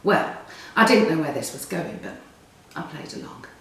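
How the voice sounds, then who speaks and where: A woman's voice: sits low, expressive, moderate pace, gravelly. A woman, reading a story aloud in a wry, conversational way. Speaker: narrator. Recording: roomy echo, distant mic.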